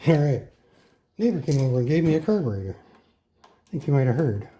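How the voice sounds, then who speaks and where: Narrating a casual workshop vlog, a man fixes a mower in his repair shop and talks to viewers, catching and correcting his own slips. His mid-range voice is mellow, very animated and brisk, with a little hiss or hum in the audio.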